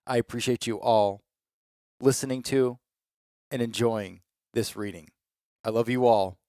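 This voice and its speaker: Male spiritual reader, mid-pitched, reassuring and repetitive, dry close sound. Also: steady tone, measured pace, darkish tone, dry recording. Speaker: audio channeler giving a spiritual reading. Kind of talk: spiritual reading to listeners.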